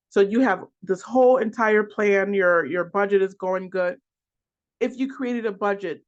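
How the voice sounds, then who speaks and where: A financial coach giving a class lecture, working through a list of points in a halting way with restarts and repeated words. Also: mid-range voice. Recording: dull lo-fi recording.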